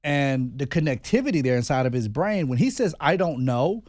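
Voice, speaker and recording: A man co-hosting a casual podcast, telling a family story in an animated way and often repeating his words as he thinks. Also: medium pitch, a little fast, dry recording, clean studio sound. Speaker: podcast co-host and father.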